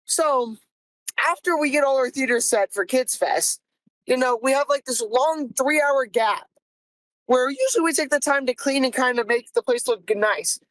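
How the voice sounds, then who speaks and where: A young woman hosting a podcast, telling a comic story about her first job in an animated, exasperated way and swearing freely. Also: high voice, moderate pace, no echo, low-quality recording. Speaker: podcast host.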